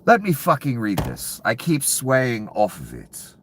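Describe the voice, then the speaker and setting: A man delivering a profane, angry political rant to viewers, dropping to low mutters and then bursting out loud. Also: huge pitch swings, unhurried, a little hiss or hum. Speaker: commentary channel host.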